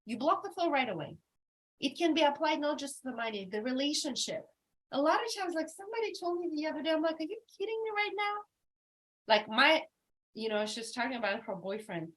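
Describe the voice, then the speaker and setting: A woman's voice: high-pitched, a little fast, rough recording. A woman leading a motivational retreat workshop, emphatic and repetitive, telling stories with lots of energy. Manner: emphatic and repetitive, animated storytelling. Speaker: retreat coach.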